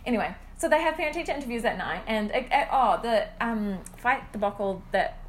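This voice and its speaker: A woman's voice: on the high side, lively intonation, a little fast, slight background noise. A young woman in casual chat, eagerly retelling a story full of "like" and acted-out quotes. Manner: chatty, filler-heavy, acts out quotes. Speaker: friend recapping a story.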